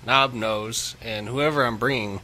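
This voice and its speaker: A male radio co-host with a bright, forceful voice and a faint hiss behind it. He talks brash and swaggering, swearing heavily in loose chat. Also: medium pitch, unhurried. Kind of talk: casual profane radio chat.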